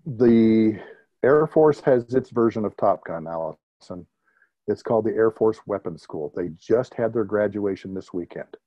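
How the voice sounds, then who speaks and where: Middle-aged guy with a low mellow voice telling war stories in an interview, kinda dull lo-fi sound. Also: unhurried, no room sound. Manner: animated anecdotal storyteller, chuckles at his own stories. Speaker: guest, retired military pilot. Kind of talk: conversational interview storytelling.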